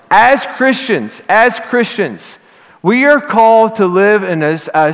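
A man's voice: on the high side, fairly bright tone, long reverb tail. A middle-aged man with a Western Kentucky accent, preaching a sermon in an earnest, conversational way that rises to emphatic peaks. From Southern Illinois. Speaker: pastor.

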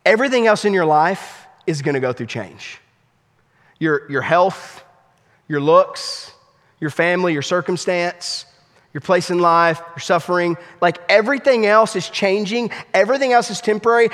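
A man with a high, light voice preaches a sermon to his church, pressing each point with sweeping rises and sudden hushed drops. His words ring out with the long reverb of a big hall. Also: normal speed. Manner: emphatic preaching with sweeping pitch and volume swings, drops to near-hush for stress. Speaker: pastor.

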